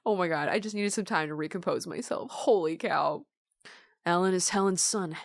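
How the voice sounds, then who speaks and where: A woman voicing a blunt, weary male detective in a terse, lowered voice while reading a game aloud. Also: moderate pace, dry recording, studio quality, lightly acted. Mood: stunned.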